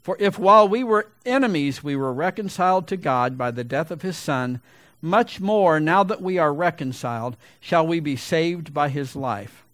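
A middle-aged pastor preaching a sermon loudly and with emphasis, his voice a little gravelly and building to big swells. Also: on the high side, lively intonation, moderate pace, dry recording.

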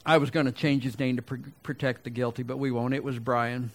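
A man's voice: mid-range voice, level tone, fairly quick. A middle-aged man preaching a sermon, telling a folksy personal story and then asking rhetorical questions. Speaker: pastor.

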